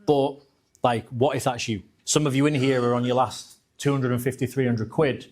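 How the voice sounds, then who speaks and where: A man's voice: mid-range voice, steady tone, darkish tone. A man hosting a panel at a live event, encouraging the guests and crowd. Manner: encouraging, quick asides. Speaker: event host.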